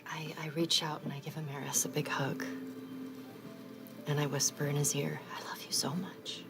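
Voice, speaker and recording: A woman voicing a loving mother in a tabletop game, speaking softly and tenderly. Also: low-pitched, little pitch movement, moderate pace, vocal fry, over music. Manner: soft, hushed, tender. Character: loving mother saying goodbye to children.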